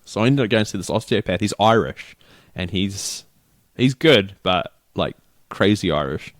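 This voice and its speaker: Low-voiced New Zealand man telling a story. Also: animated, moderate pace, no echo, clean studio sound. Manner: rambling storyteller, acts out quoted people. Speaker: podcast co-host. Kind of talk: casual chat.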